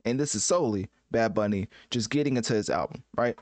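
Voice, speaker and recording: A man's voice: on the low side, fast talker, darkish tone, dry recording. Joking man reacting to music, dry sound. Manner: joking, self-mocking, filler-heavy. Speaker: music commentator. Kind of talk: casual reaction commentary.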